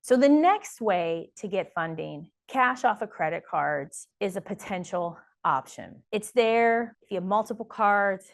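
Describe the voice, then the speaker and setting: A woman's voice: mid-range voice, expressive, measured pace, gravelly, few pauses. A woman coaching small-business owners straight to camera, stressing points by repeating words and cheering viewers on. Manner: addresses viewers as "y'all". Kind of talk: direct-to-camera advice video.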